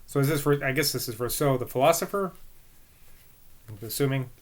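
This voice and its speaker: A man with a medium-pitched voice reads briskly from a classic book, pausing between passages for casual asides where he muses and second-guesses himself.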